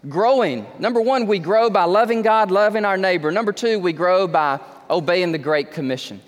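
A male pastor preaching a sermon, slowing down to stress key words and acting out quoted conversations. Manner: acts out quoted conversations with raised pitch. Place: church sanctuary. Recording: long hall reverb.

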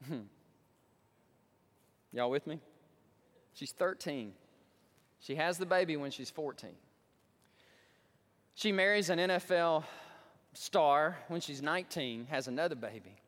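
Male pastor with a drawl, storytelling sermon, acts out his quotes, voice a bit high, reverberant sanctuary. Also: lively intonation, measured pace, long pauses, fairly bright tone. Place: church sanctuary. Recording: long church hall reverb.

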